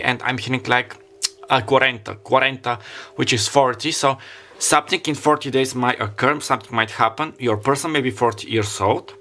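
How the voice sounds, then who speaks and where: Rambling male tarot reader, bright voice. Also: medium pitch, moderate pace, slight background noise. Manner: rambling, free-associating. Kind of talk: casual tarot reading.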